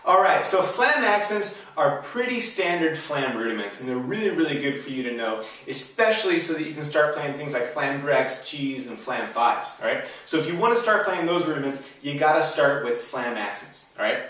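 Guy teaching drum rudiments, kinda high voice, super echoey room, a bit far off the mic. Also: animated, moderate pace, hardly any pauses, a bit bright. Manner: upbeat, keeps checking in with "all right?" and "right?". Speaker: drum instructor. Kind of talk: instructional drum lesson.

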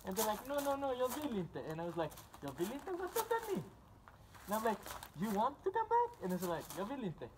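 A young man voicing an excitable, bewildered boy who just moved in, squealing. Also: quick pace, few pauses, noisy background. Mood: indignant. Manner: squealing, frantic, very high put-on voice. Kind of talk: comedy sketch.

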